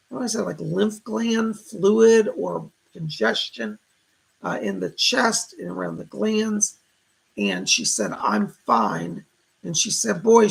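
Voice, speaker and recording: A man hosting live psychic readings, thanking donors and relaying spirit messages in a slightly hoarse voice. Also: sits high, fairly bright tone, low-quality recording. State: hoarse, voice going. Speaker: psychic medium host.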